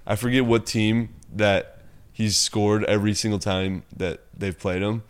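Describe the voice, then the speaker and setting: A man's voice: fairly low pitch, fairly even intonation, measured pace, clear, resonant tone. A man co-hosting a casual sports betting talk, laid-back, laughing often and swearing casually. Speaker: podcast co-host.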